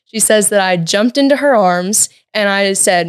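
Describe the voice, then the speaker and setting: A woman's voice: medium pitch, normal speed, clean tone, no room sound, studio quality. Chatty teenage woman telling a story. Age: late teens. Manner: lively, chatty, many "like" and "um" fillers. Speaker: podcast guest. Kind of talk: personal storytelling. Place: podcast studio.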